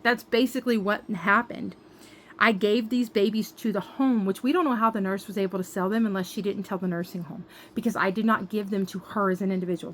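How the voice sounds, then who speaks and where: A woman's voice: medium pitch, slight background noise. A young adult woman telling an upset storytime to her vlog viewers, venting with many fillers and restarts. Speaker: doll collector vlogger.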